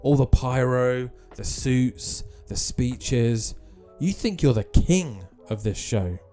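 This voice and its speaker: A man's voice: mid-range voice, slow, dark tone, faint music behind, close to an everyday voice. A man voicing a smug veteran male wrestler who talks in a smirking, mocking way.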